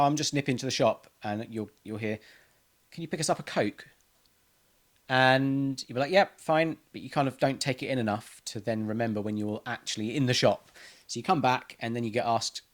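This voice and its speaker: A man talking casually to camera in a rambling personal monologue, full of ums and restarts. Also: medium pitch. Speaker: vlogger.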